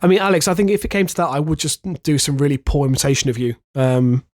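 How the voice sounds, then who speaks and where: A man's voice: a little high, quick pace, a little mellow. A man co-hosting a podcast, congested and nasal from a virus, talking hesitantly. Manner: hesitant, many fillers and restarts. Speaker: podcast co-host. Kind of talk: casual chat.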